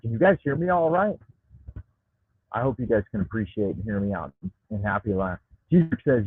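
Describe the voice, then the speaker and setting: This American livestreamer reads chat and rants profanely at normal speed, pausing often, in a fairly low, husky, very animated voice. He rambles and repeats words when worked up, and his Bluetooth headset makes the audio tinny and dry with no room sound.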